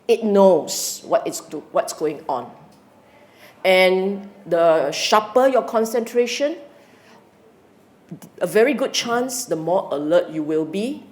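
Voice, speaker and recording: Lively woman teaching meditation. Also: mid-range voice, slow pace. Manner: lively, questioning the audience, acting out inner voices. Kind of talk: Dharma talk to a class.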